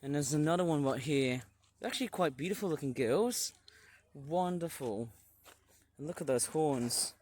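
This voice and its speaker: A man's voice: on the high side, normal speed, a little mellow, no room sound. A man vlogging on a walk around a farm, chatting with enthusiasm and cracking puns, recorded on a handheld tablet outdoors. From England. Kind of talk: casual narration while walking around a farm.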